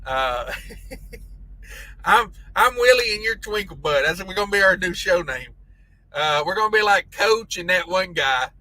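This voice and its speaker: A man's voice: high-pitched, lively intonation, a little slow, pushed and bright, no room sound, poor audio. A man hosting a casual trucking live stream, reading chat messages aloud with crude jokes and frequent laughter. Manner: crude joking banter, laughs often.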